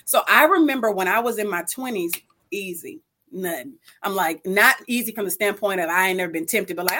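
A middle-aged woman speaking about faith in a casual conversation, animated and preachy, acting out her own thoughts and calling listeners girl and sis. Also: medium pitch, a little fast. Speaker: guest speaker.

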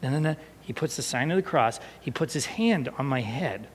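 A male pastor telling a personal story in a sermon, animated and expressive, sometimes falling to a hushed, emotional tone. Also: mid-range voice, moderate pace, breathy edge. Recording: long hall reverb.

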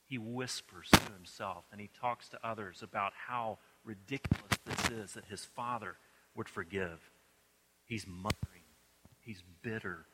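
A man preaching a sermon, telling a story expressively and shifting between soft, low passages and emphatic ones. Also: a little slow. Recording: clicking noise in the background.

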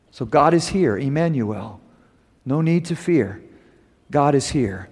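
Animated male preacher in a reverberant hall. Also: medium pitch, slow pace, pauses often, husky. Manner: animated storytelling, rising loud on key phrases. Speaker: preacher and homiletics teacher. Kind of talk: sermon.

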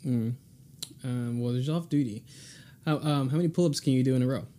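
Male podcast host, mid-range voice, casual quick-fire questioning, laughs a lot. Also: medium pitch, warm tone. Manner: laughs often, stumbles and restarts.

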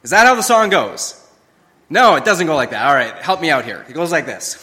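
A man's voice: on the high side, sing-song, fairly quick, sharp tone. A male pastor preaching a sermon with emphatic, rising and falling delivery. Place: church. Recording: long reverb of a church hall.

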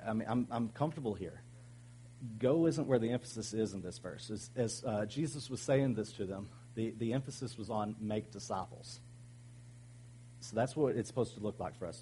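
A man's voice: medium pitch, mellow, breathy edge, rough recording. A man preaching a sermon in an earnest, conversational way, with many ums and restarts.

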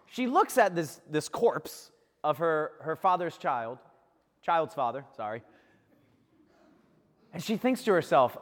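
Slow and pausing often, a very animated man with a slightly high, fairly bright voice preaches a comic homily about a saint. He plays the characters as he jokes along, and a long reverb tail follows his words.

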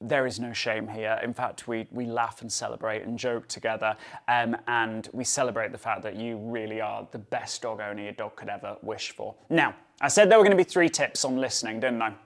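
A man's voice: fairly low pitch, a little fast. A man hosting a solo dog-training podcast, talking in a chatty way with many fillers and tag questions. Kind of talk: casual solo podcast talk.

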